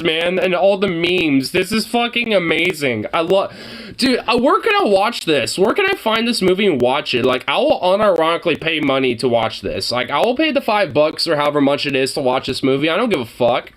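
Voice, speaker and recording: Young male reactor, loose and excitable, lively up-and-down delivery. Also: high-pitched, a little hiss or hum. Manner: excitable, profane, laughing, many fillers. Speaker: streamer reacting to a trailer. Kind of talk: casual reaction commentary.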